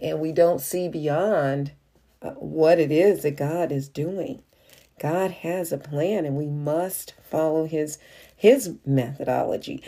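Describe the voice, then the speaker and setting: A woman with a low, warm voice teaches a Bible study. She reads passages aloud, then talks them through casually, often pausing on "uh" and "you know.". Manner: reads scripture aloud then explains it in a conversational way; frequent "uh" and "you know" fillers.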